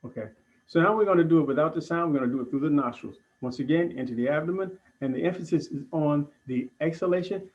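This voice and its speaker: A man teaching breathing techniques in an online class, giving calm, deliberate instructions with pauses. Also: on the high side, muffled recording. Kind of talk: guided breathing lesson.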